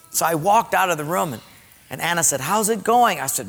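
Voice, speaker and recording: High, bright-voiced man preaching in a hall. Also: animated, fairly quick, vocal fry. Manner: storytelling with acted-out voices and jokes. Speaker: pastor. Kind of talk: sermon. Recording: reverberant hall.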